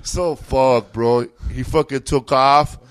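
A man's voice: mid-range voice, fairly even intonation, slow, clean tone. A man, a comedian guest, telling a rambling, profane story with bursts of laughter in a casual chat.

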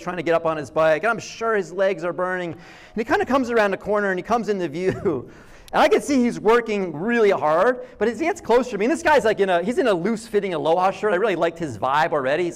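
A middle-aged man preaching a sermon in a conversational, animated way, telling stories and acting out quotes. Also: sits high. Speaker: pastor.

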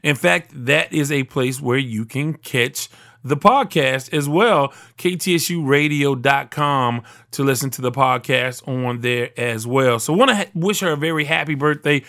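A man's voice: mid-range voice, unhurried, pushed and bright. A middle-aged man hosting his own sports talk podcast, talking in a rambling, conversational way full of asides. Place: recorded in Houston, Texas.

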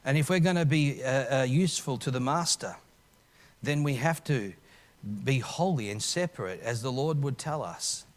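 A man preaching a live church sermon, earnest, moving between quiet reflection and impassioned emphasis, with frequent restarts. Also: medium pitch, normal speed. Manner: frequent restarts and filler uhs. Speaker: pastor. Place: church service.

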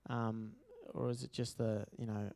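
A man's voice: fairly low pitch, flat delivery, measured pace, darkish tone. Chatty Australian man preaching. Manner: chatty, self-deprecating, lots of fillers. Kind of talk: casual sermon. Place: church hall.

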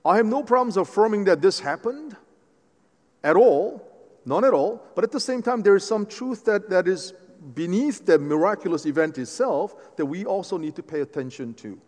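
A man preaching a sermon as pastor, animated and conversational, often restarting his phrases. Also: sits high, moderate pace. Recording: long hall reverb.

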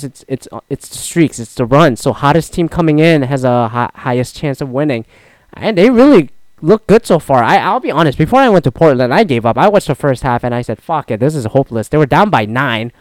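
A man's voice: medium pitch, smooth, no room sound. A man hosting a solo podcast, chatting casually about sports in a rambling, profane way with many restarts. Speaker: podcast host.

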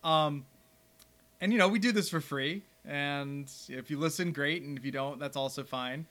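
A young man chatting on a casual podcast, his voice a touch high for a man. He rambles with wry asides, laughs often and lets his sentences drop low and quiet. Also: moderate pace. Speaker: podcast co-host.

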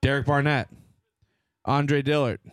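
A man's voice: medium pitch, steady tone, a little slow, no room sound, clean studio sound. A man co-hosting a sports podcast, cursing and arguing heatedly in casual chat. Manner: profane, irritated, argumentative. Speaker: podcast co-host. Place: garage.

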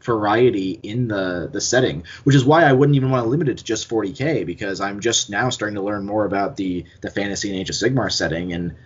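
A man with a low, husky voice chats casually on a podcast. He rambles and thinks aloud with plenty of fillers, and the audio sounds dull and lo-fi. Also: fast, few pauses. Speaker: podcast co-host. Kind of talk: casual chat.

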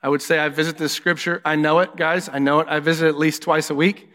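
Bright-voiced male pastor preaching in a hall. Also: on the high side, level tone, fast. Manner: candid, conversational preaching with personal stories. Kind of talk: sermon. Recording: long hall reverb.

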